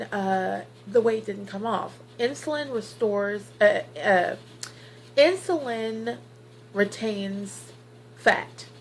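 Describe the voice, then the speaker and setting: A woman's voice: mid-range voice, gravelly, a little hiss or hum, poor audio. A woman in her thirties talking earnestly in a personal vlog, encouraging viewers with lots of fillers. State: tearful at times. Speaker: vlogger. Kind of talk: personal weight-loss vlog.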